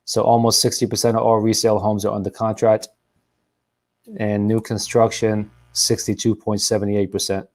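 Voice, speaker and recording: A man's voice: fairly low pitch, flat delivery, normal speed, a little mellow. A man hosting a real estate show, running through market statistics with uh and um fillers. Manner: runs through numbers, hesitant fillers. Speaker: realtor host.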